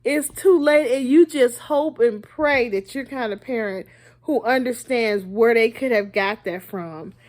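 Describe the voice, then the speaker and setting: A woman's voice: a little high, unhurried, darkish tone. A woman vlogger chatting casually to her viewers, laughing often and asking them rhetorical questions. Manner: playful, laughs often between lines. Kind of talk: casual monologue to camera.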